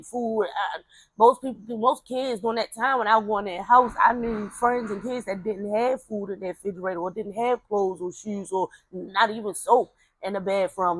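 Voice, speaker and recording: A woman telling a personal story in a casual, animated way, acting out the voices of the people she quotes. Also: medium pitch, no room sound.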